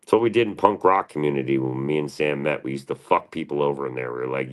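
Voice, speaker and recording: A man's voice: a bass voice, fast, few pauses. A man hosting a livestream, answering his chat in a profane, combative and defensive rant. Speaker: livestream host.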